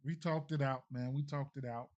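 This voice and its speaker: A man talking through sports betting picks on a live stream, in an unhurried, loose way. He mumbles and thinks aloud, trailing off and restarting often. His voice sits at an ordinary middle pitch. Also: fairly even intonation, a little mellow, highs cut off. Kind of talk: casual live-stream commentary.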